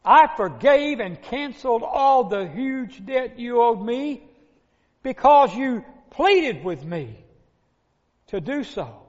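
A man's voice: very high-pitched, very animated, slow pace, exaggerated voice. A male preacher voicing a stern, commanding king in a retold parable, in a dull recording with long hall reverb. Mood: angry.

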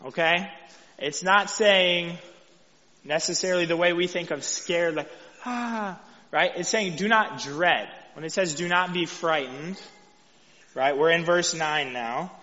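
A man's voice: a little high, unhurried, bright, forceful tone. A male preacher with a Texan accent giving a casual, conversational sermon, often checking in with "right?". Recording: echoey hall, dull lo-fi sound.

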